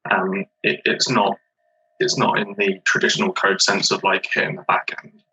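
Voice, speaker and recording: A young man in his twenties, an automation developer, speaking in a measured, hesitant way with many fillers. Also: sits low, monotone, bright, forceful tone, breathy edge, low-quality recording. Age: 20s. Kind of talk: casual webinar discussion.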